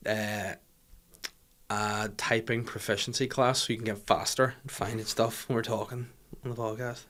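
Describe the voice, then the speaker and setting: A man hosting a podcast in a studio, chatting casually with animated, sweary, joking rants. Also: lowish voice, moderate pace. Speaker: podcast host. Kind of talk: casual comedic chat.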